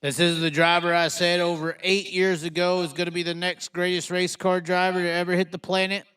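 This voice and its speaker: A man hosting a casual live stream, rowdy and crude, joking around with sudden excited outbursts. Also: high voice, brisk. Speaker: livestream host.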